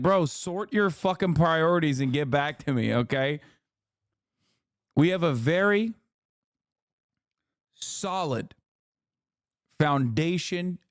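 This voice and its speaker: A man hosting a livestream, reacting to clips with blunt, profane, rapid-fire ranting. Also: on the high side, animated, no room sound, studio quality. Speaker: livestream host. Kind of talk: streamer commentary.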